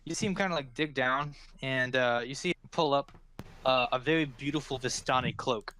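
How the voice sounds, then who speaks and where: A man's voice: mid-range voice, moderate pace, bright, forceful tone. A man narrating a tabletop game as game master, rambling with many fillers.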